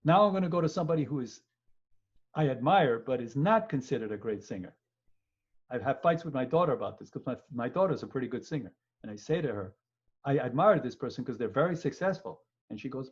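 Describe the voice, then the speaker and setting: A man in his fifties with a New York accent, a law professor giving a webinar lecture in an animated, joking way and acting out quoted voices. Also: medium pitch, brisk, husky. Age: 50s. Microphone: computer mic on video call. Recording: muffled lo-fi webinar audio.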